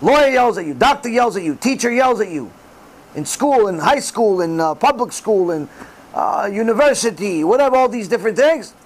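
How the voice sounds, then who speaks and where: A middle-aged man giving a religious class in sermon style, animated and acting out the voices he quotes. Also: sits high, moderate pace, slight background noise, poor audio. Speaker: rabbi giving a Torah class.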